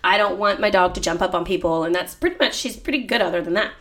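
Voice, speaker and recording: A woman's voice: on the low side, quick pace. A woman telling a story in casual chat, acting out the quotes with lots of laughter. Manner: animated, acts out quotes, laughs often.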